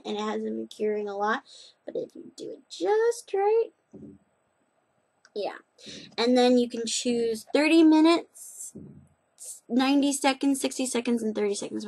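A young woman vlogging in a rambling, chatty way, full of restarts and asides. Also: fairly high pitch. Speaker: knitting and nails vlogger. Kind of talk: casual chat.

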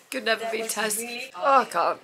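A woman reacting to a dance show in casual, gushing commentary that swings between squeals and quiet awe. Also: a little high, low-quality recording. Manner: excitable, gushing, squeals and laughs. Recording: loud TV music behind the voice. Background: TV show music playing.

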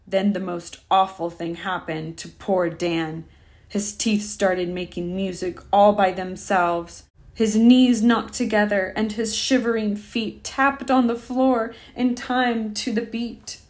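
A woman reading a rhyming children's picture book aloud with a lively, rhythmic delivery. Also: mid-range voice, slow pace. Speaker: storyteller.

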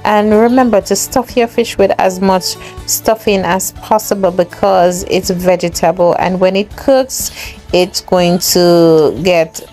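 A woman's voice: fairly low pitch, steady tone, unhurried, darkish tone, faint music behind. A young woman with a Jamaican accent chats through a home cooking demo, talking straight to her viewers and laughing often. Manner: chatty, addresses viewers as guys, laughs often. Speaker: cooking vlogger.

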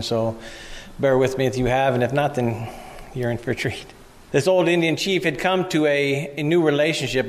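A male pastor giving a conversational sermon in a church and reading scripture aloud. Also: mid-range voice. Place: church sanctuary. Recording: reverberant church hall.

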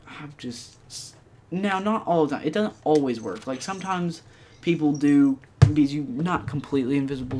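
A man's voice: mid-range voice, a little hiss or hum. Rambling young-sounding male gamer. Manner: rambling with many fillers, bursts of excitement. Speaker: gaming channel host. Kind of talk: casual gameplay commentary.

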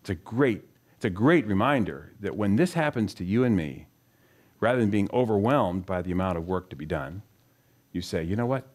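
A middle-aged man with a somewhat low voice gives a conversational Bible teaching. He tells stories from his own life and turns to his listeners with questions, earnest and direct. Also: expressive, moderate pace, a little mellow. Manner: asks the audience questions, storytelling, earnest. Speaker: speaker teaching scripture.

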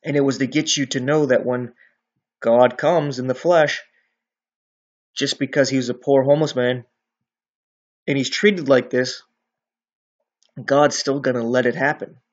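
A man teaching from the Bible in a relaxed, conversational way, often checking in with "right?". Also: medium pitch, measured pace, long pauses, muffled recording.

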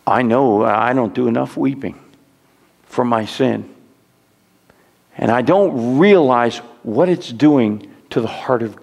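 A man's voice: mid-range voice, vocal fry, a little mellow, in a large hall, muffled recording. A man preaching a sermon as pastor, earnest and pleading, often repeating words as he urges his listeners on. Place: church sanctuary.

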